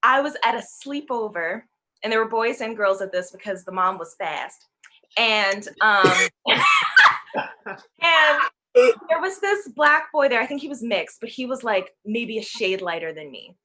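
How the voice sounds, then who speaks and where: A young woman in her twenties, speaking as a guest on a talk show panel. Her voice sits a little high and sounds bright and forceful. She tells her story casually and slips into the voices of the people she quotes. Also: normal speed. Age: 20s. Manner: animated, acts out quoted voices.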